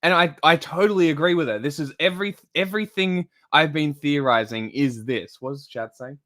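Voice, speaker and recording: Male streamer, casual rambling delivery, heavy swearing, bright tone. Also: on the high side, a little fast. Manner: rambling and profane, with many restarts and fillers. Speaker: livestreamer commenting on news. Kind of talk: casual live-stream chat.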